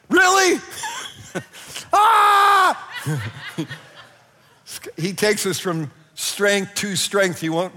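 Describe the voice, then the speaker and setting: A man preaching a sermon with animated delivery, often laughing and crying out. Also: on the high side, in a large hall. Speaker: pastor.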